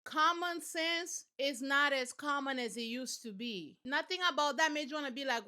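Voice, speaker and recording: A woman hosting a commentary vlog, telling the story in a sassy, animated, colloquial way. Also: high voice, moderate pace, few pauses. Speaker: commentary channel host.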